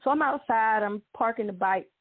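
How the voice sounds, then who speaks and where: Animated woman on a tinny line. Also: fairly high pitch, brisk, noisy background. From Dallas, Texas. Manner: animated, laughing often, dramatic exclamations. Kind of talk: casual storytelling. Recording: tinny phone-like sound.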